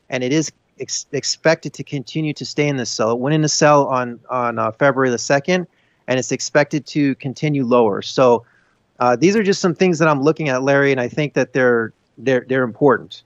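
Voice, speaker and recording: A man's voice: medium pitch, no room sound. Guy walking thru stock charts, earnest, keeps restarting, dry muffled sound. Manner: earnest, emphatic, many restarts. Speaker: guest market analyst. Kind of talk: explaining charts on a live finance show.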